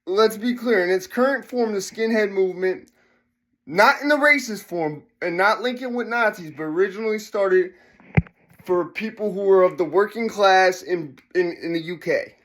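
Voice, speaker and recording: A man with a notably high voice delivers a casual, profane rant straight to his audience. His speech is slurred and loose. It rises to loud emphasis when he's worked up, and he keeps asking whether you see what he's saying. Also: moderate pace. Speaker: vlogger.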